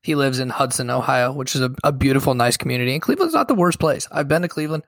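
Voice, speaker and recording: A man's voice: medium pitch, lively intonation, racing, dry recording, clean studio sound. A young man chatting wryly as a podcast co-host. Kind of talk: casual podcast chat.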